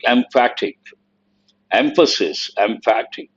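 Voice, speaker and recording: A man's voice: fairly high pitch, animated, unhurried, dull audio. A man teaching an online exam-prep class. He explains an editorial line by line, stops to give word meanings, and puts questions to the students.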